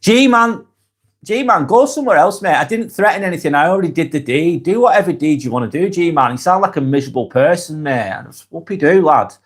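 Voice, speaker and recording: A man hosting a live vlog, reading comments aloud and answering them bluntly, often swearing, then softening to reassure. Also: on the high side, lively intonation, fairly quick, husky. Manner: blunt, sweary, swings between brusque and reassuring. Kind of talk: casual live vlog chat.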